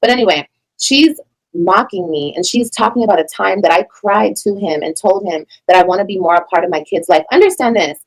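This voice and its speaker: A woman's voice: mid-range voice, brisk, low-quality recording. A woman reacting to a recording, blunt, profane and emphatic in her commentary. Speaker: reaction streamer.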